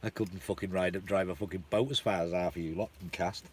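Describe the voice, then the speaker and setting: A man with a fairly low voice chats casually with his live-stream viewers, swearing without a second thought. A steady hum of ambient and vehicle noise runs under his voice throughout. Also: fast talker. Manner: chatty, informal, swears freely. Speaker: channel host.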